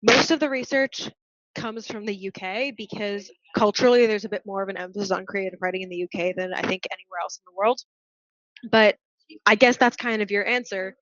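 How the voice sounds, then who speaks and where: A woman's voice: medium pitch, a bit bright, no room sound. Young woman, podcast guest, earnest, articulate, dry close sound, slightly dull audio. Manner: articulate, earnest, speaks in long fluent sentences. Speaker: nonprofit founder and guest. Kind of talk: podcast interview answer.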